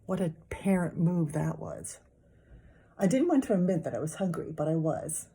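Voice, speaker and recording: A woman teacher reading a children's novel aloud with lively, expressive storytelling. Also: low voice, normal speed, breathy edge.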